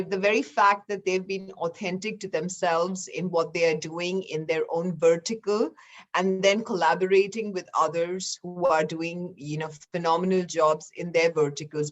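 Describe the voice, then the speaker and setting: A woman who is a co-organizer, giving a measured, uplifting speech over a video call. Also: lowish voice, highs cut off. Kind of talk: formal speech.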